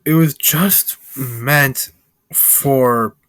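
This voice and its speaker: Man, film reviewer, rambling casual recap, fillers, medium pitch, dry sound. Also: extremely slow, fairly bright tone, no echo. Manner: rambling, heavy with filler words.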